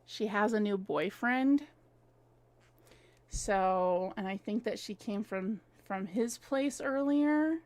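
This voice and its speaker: Chatty high-voiced woman live streamer. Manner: chatty, laughs often, answers viewers one by one. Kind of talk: casual live-stream chat reading viewer comments. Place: her home.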